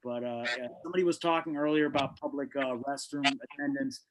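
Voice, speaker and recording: A man's voice: medium pitch, fast, a little hiss or hum, rough recording. A man doing a stand-up set at an online open mic from his home over a video call, delivering punchy, brash jokes with a lot of swearing. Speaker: stand-up comic. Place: home, indoors on carpet.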